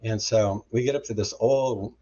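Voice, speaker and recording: Brief: middle-aged male guest, low husky voice, animated storyteller who acts out the quotes, slightly muffled audio. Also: normal speed, a little hiss or hum. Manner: animated retelling with acted-out quotes. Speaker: guest, deliverance minister. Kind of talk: storytelling interview.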